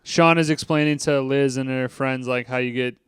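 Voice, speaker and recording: Man with a smooth, dry voice. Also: medium pitch, steady tone, normal speed, dry recording. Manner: quotes lines in mock British voices, swears casually. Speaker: podcast co-host. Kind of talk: casual movie review chat.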